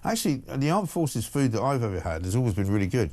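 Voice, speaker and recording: A man hosting talk radio, brisk and combative, arguing with guests. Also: mid-range voice, big pitch swings, darkish tone. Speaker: breakfast radio host.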